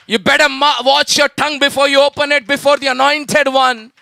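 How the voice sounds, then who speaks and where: A man's voice: very high-pitched, level tone, fairly quick, creaky, bright, forceful tone. A man with an Indian accent preaching a sermon as pastor, emphatic and full of rhetorical questions to the congregation, calling out hallelujah again and again. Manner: repeats hallelujah and calls out to the church.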